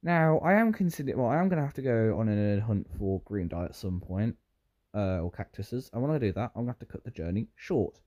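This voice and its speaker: A man's voice: lowish voice, animated, fairly quick, warm tone. A British man giving rambling, self-interrupting commentary while playing a game. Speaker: gaming YouTuber. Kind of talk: Minecraft gameplay commentary.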